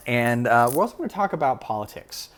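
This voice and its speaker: A man in his thirties telling a personal story in a casual vlog, animated and full of filler words. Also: medium pitch, fast talker, a little hiss or hum. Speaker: vlogger.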